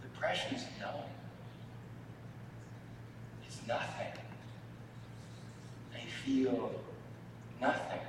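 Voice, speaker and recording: A man, a family therapist, giving a sermon-style talk to a church audience, with halting speech and repeated words. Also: mid-range voice, animated, noisy background. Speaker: marriage and family therapist speaking at a church event. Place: church hall. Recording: echoey hall from far off.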